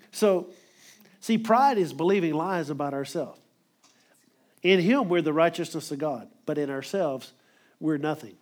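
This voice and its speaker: Guy preaching fast and emphatic, voice sits a bit high, acts out other people's lines. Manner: emphatic, acts out quoted voices, quick delivery. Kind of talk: sermon.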